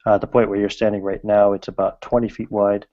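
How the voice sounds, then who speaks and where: Hesitant low-voiced man running a tabletop game. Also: level tone, brisk, highs cut off. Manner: hesitant, full of fillers. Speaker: game master.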